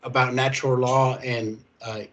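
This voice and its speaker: A man's voice: medium pitch, little pitch movement, normal speed, a bit bright, low-quality recording. A man speaking as a guest on a video call, hesitant and repeating words as he starts. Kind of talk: casual conversation.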